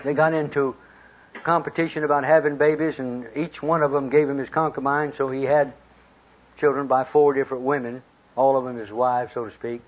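Folksy male preacher, husky voice, on a dull lo-fi tape. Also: mid-range voice, a little fast. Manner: folksy, retells scripture in plain talk with lively quoted voices. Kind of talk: storytelling sermon. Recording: dull lo-fi recording.

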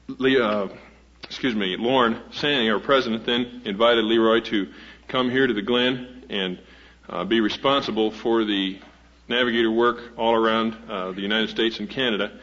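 A man's voice: on the low side, a bit bright. A man introducing a guest speaker to a live audience, telling a humorous story in a folksy, rambling way with many fillers and restarts. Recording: dull lo-fi old recording.

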